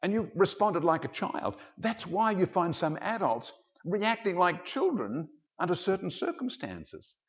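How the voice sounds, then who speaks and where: A man preaching a teaching sermon as a pastor, telling a story in an animated way. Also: high voice, unhurried. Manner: animated storyteller, shifts into character voices. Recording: dull lo-fi sound.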